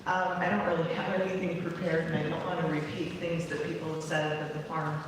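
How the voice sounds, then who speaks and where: A woman's voice: deep voice, little pitch movement, fairly quick. Woman, hesitant unprepared remark, noisy background, very echoey distant hall. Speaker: resident giving public comment. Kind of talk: unprepared public comment. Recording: very echoey hall from far off with noise.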